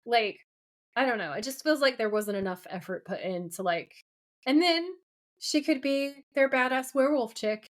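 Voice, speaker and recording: A woman's voice: on the high side, normal speed. A woman co-hosting a podcast, retelling a TV episode in casual chat full of fillers. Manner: animated, filler-heavy retelling. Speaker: podcast co-host.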